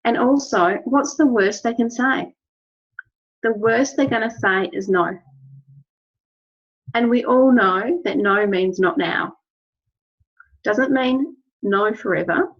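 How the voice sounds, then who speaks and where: A woman's voice: on the high side, slow, long pauses. A woman giving an instructional talk to her team, earnest and encouraging, repeating key phrases. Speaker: wellness business trainer. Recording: dull lo-fi recording.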